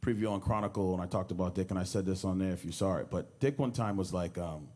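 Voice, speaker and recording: Low, dark-toned and fast-talking, this man is a comedian giving a loose, story-filled speech at a memorial. He wanders from one anecdote to the next, performing the quotes and laughing along the way.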